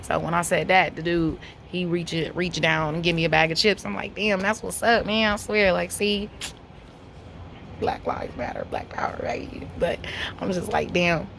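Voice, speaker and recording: A woman, telling a story to camera in a blunt, profane, animated way. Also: fairly low pitch, normal speed, gravelly, few pauses, a little hiss or hum. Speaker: vlogger.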